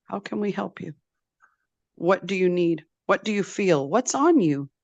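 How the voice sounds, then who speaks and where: Lady doing a kind wolf healer, patient and pleading, gravelly voice, dry sound. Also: lowish voice, expressive, measured pace, no echo, muffled recording, heavily acted. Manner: pleading, patient, soft-spoken. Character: gentle caring male wolf healer.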